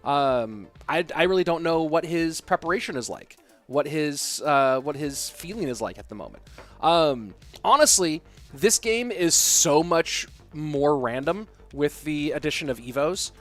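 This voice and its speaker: Slightly high-voiced male esports caster. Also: animated, measured pace, soft background music. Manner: loose and conversational, thinking aloud. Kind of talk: casual stream chat reading viewer questions.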